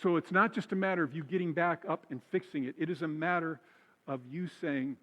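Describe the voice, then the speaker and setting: A man's voice: a little high, fairly quick, dull audio. Man preaching in a reverberant church. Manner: conversational preaching, repeats key phrases for emphasis. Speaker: pastor. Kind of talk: sermon. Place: church sanctuary. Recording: church hall with long reverb.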